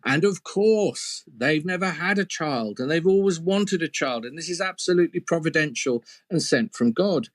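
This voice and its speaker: In a dry recording, a man with a fairly high, expressive voice narrates an old fairy tale at normal speed, barely pausing. He keeps it conversational, breaking off for playful comments to the listener.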